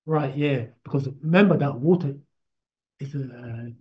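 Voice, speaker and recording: A man gives a casual spoken lesson slowly and haltingly, repeating himself as he explains and chanting drawn-out syllables to demonstrate them. His voice is medium-pitched and husky, and the recording is dull and lo-fi.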